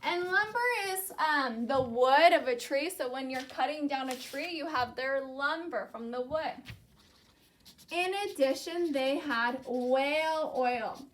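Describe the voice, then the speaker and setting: A young woman teaching a class in a slow, clear way, saying key words and having students repeat them after her. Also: high voice. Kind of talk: classroom lesson with call-and-response.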